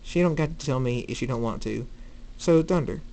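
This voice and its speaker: Man voicing a teasing country stallion, cocky and lively, storybook reading. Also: mid-range voice, a little fast, creaky, natural voice. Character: cocky male fire stallion, teasing joker.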